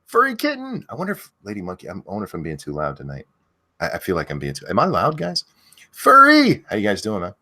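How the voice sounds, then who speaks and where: A man with a low voice hosts a live stream and talks loosely, with lots of swearing. His pitch swings widely, and he rambles from one thing to the next before breaking off to shout out viewers' names. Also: expressive, very fast. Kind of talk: casual live-stream rant.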